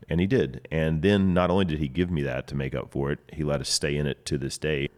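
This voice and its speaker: A man's voice: sits low, a little fast, hardly any pauses, a little mellow. A middle-aged man, a winery co-owner, telling stories with enthusiasm in casual conversation, recorded outdoors. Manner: enthusiastic storyteller, acts out dialogue. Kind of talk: casual storytelling. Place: outdoors in a vineyard.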